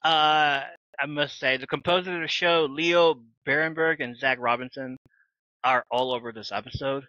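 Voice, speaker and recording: A man's voice: medium pitch, steady tone, normal speed, sharp tone, no room sound, muffled recording. A man co-hosting a casual podcast, recapping a TV episode with jokes, fillers and mock-dramatic asides. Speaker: podcast co-host.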